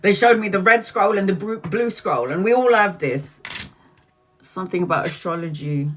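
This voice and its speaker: A woman's voice: mid-range voice, normal speed. A woman, a tarot reader, chatting casually on a live stream and telling stories with frequent laughter and the odd swear word. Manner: animated storytelling, laughs often, swears casually.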